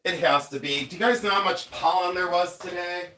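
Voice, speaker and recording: Man hosting chatty stream, somewhat high voice. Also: fairly quick, bright, forceful tone. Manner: chatty, rambling, thanks viewers often. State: congested, sniffly from sinuses. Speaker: livestream host, jewelry collector. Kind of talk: casual live-stream chat.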